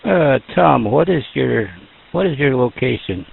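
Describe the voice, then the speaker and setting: A man's voice: medium pitch, animated, vocal fry, husky, narrow, tinny audio. A man running an amateur radio net, chatting in a folksy, joking way over a radio transmission. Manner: folksy, joking, slow and drawn out. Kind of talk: casual radio net chat.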